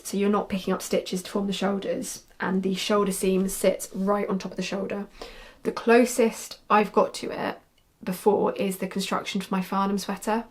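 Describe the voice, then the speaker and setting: Chatty woman with many ums. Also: medium pitch. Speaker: knitwear designer podcaster. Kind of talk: casual chat showing knitting projects.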